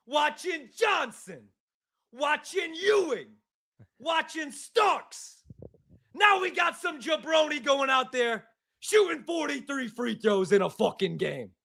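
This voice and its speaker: A man putting on a loud, angry male New York sports radio caller who rants and swears, with a New York accent. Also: very high-pitched, big pitch swings, slow pace, creaky, voice pushed up, exaggerated voice. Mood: shouting ranting. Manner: shouting, profane ranting.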